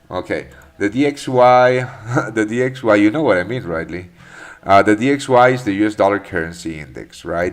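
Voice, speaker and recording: A man hosting a live trading stream, answering chat questions in a loose, profane way with many fillers and restarts. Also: on the low side. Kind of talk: casual live market commentary.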